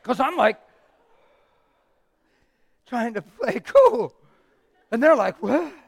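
Fervent male preacher, high voice, shouts then hushes, playful asides. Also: slow pace, vocal fry, in a large hall. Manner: swings from shouting excitement to near-whispered intimacy; playful, laughing asides to the crowd. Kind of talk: animated sermon.

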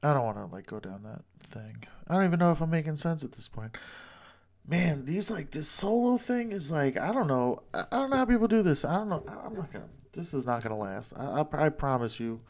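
A man's voice: a little high, sing-song, fairly quick, vocal fry, darkish tone. A man from New York rambling through a solo podcast monologue, joking at his own expense and swearing casually. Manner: rambling, self-deprecating, profane jokes. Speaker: podcast host.

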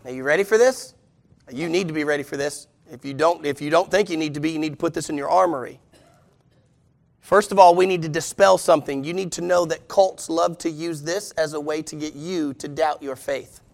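A man's voice: fairly high pitch, brisk, gravelly. A man preaching to his congregation. He is emphatic and keeps turning to the listeners with rhetorical questions. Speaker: pastor. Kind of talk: sermon.

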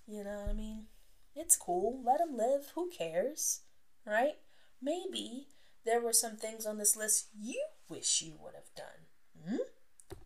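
A young adult woman hosting a casual solo podcast, chatting freely, laughing often and sometimes dropping to a whisper. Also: on the high side. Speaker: podcast host.

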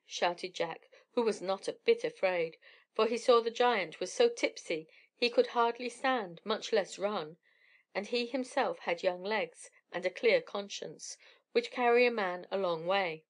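A woman's voice: mid-range voice, unhurried. Woman reading a fairy tale. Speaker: storyteller. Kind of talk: storybook narration.

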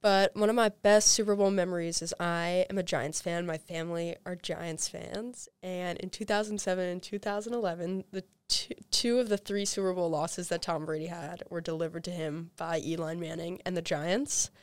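A woman's voice: lowish voice, moderate pace, hardly any pauses, clean tone, no echo. A young woman co-hosting a podcast, chatting casually and telling stories with lots of fillers. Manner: chatty, animated storytelling with many fillers. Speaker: podcast co-host. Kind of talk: casual chat.

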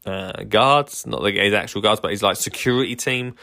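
A man's voice: lowish voice, moderate pace, sharp tone. A man hosting a casual solo podcast, rambling enthusiastically with lots of fillers and restarts. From England. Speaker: podcast host.

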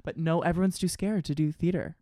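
A man's voice: a little high, a little fast, no room sound, clean studio sound. A young man chatting casually as a podcast guest, telling stories with lots of fillers and restarts. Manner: chatty, animated storytelling with many fillers and restarts. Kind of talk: casual chat.

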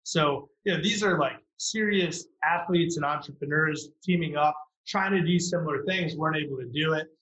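A man, a startup founder, telling a story on a podcast with lively acted-out quotes. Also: a little high, moderate pace, few pauses. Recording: roomy, dull lo-fi sound.

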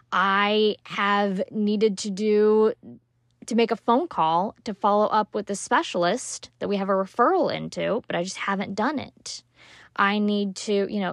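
Gravelly-voiced woman coaching moms. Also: medium pitch, dry recording, clean studio sound. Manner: animated, emphatic, acts out quoted moms; casual, swears now and then. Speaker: podcast host and parenting coach. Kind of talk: motivational solo podcast talk.

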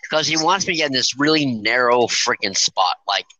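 A man who drives trucks telling a story to the show in a profane, animated way and acting out the dialogue. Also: medium pitch, brisk, a crowd in the background, rough recording. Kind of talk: casual storytelling.

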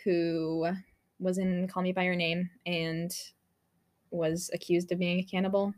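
A woman's voice: fairly low pitch, little pitch movement, unhurried, darkish tone. A young woman chatting casually about a movie, full of fillers and laughter, acting out lines she quotes. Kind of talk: casual movie review chat.

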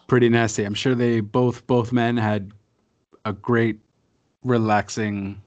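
Man, podcast co-host, casual joking chat, mid pitch, dry close sound. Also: level tone, slow pace, a little mellow, no room sound, muffled recording. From Canada. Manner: joking, laughs often. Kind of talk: casual wrestling watch-along chat.

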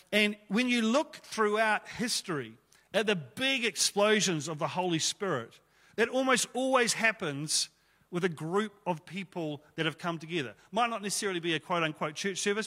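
A man's voice: high-pitched, bright, forceful tone, in a large hall. A man preaching a sermon to his church, conversational and emphatic, with rhetorical questions. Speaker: pastor.

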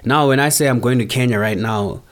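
A man's voice: mid-range voice, brisk. A young man from South Africa talking casually in a rambling, slangy monologue.

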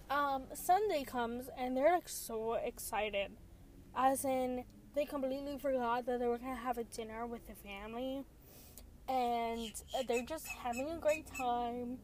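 High-voiced young woman rambling a recap. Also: measured pace, a little mellow, slight background noise. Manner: rambling, heavy filler words, giggly. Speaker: show recap vlogger. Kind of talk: casual episode recap.

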